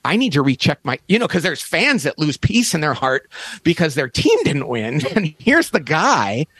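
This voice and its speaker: A man in his fifties, a podcast guest, telling a story with lively, animated delivery and acted-out quotes. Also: measured pace, dry recording. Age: 50s. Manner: animated, acts out quotes with big pitch jumps. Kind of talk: storytelling in a conversation.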